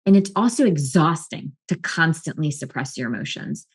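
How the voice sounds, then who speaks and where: Calm, earnest woman coach, low-pitched. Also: moderate pace, husky. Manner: calm, earnest, with frequent restarts. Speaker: life and wellness coach. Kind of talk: explanatory talk to camera.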